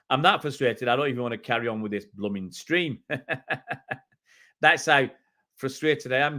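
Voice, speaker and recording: A man's voice: medium pitch, expressive, normal speed, pauses often, bright, forceful tone. A middle-aged man from England hosting a fan channel live stream, ranting in exasperation and repeating himself. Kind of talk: live-stream match reaction.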